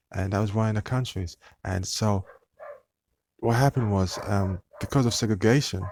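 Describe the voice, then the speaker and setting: A man's voice: on the low side, darkish tone, a little hiss or hum. A man hosting his own channel, talking to viewers in a meandering, hesitant monologue full of fillers and restarts. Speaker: channel host.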